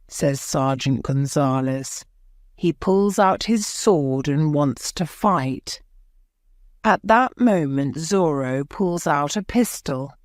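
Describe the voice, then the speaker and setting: A woman narrating a graded reader audiobook in a slow, careful reading. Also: low voice, no room sound, clean studio sound.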